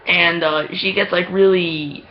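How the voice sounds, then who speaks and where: A man's voice: high voice, fairly even intonation, unhurried, slight background noise. A man telling a story in a casual vlog, rambling with many fillers and restarts and laughing often. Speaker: vlogger. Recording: dull lo-fi home video audio.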